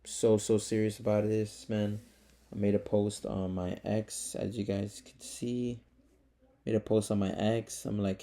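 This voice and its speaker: A young man speaking to camera in a casual confessional vlog, with a gravelly, low and mellow voice that stays fairly flat. He rambles, restarts and keeps calling his viewers "guys" and "man". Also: unhurried. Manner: rambling, filler-heavy, earnest; calls the audience "guys" and "man". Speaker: trading vlogger.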